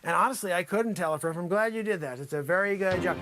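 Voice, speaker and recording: A man's voice: quick pace, hardly any pauses, music in the background. A man hosting an improvised comedy show, parodying a news anchor and riffing on his guests with loose, teasing banter. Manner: breaks into high-pitched fits of laughter, shouting.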